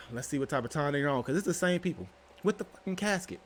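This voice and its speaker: A man's voice: a little high, lively intonation, brisk, a bit bright, a little hiss or hum. A young man hosting his own channel, talking straight to his viewers in a slangy, rambling, casual way. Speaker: channel host. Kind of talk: casual vlog commentary.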